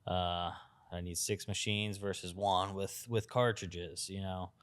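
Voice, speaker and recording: A man's voice: low voice, flat delivery, a little slow, fairly bright tone, clear, resonant tone. A man hosting a tattoo podcast, chatting in an easygoing way with lots of "you know.". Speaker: podcast host, tattoo artist. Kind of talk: casual podcast conversation.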